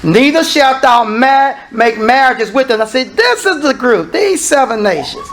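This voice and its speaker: Animated male preacher with lively pitch. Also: measured pace. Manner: animated preaching, swinging from low asides to shouted exclamations; calls and questions aimed at the congregation. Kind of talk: sermon.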